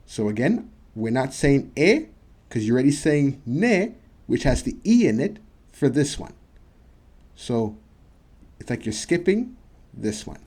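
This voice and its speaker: Guy teaching on his channel, slow and careful, voice goes up and down a lot, mellow tone. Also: medium pitch, big pitch swings, slightly rough. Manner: slow, drawn-out demonstration of words. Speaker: language teacher and channel host. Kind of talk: casual video lesson. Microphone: camera mic.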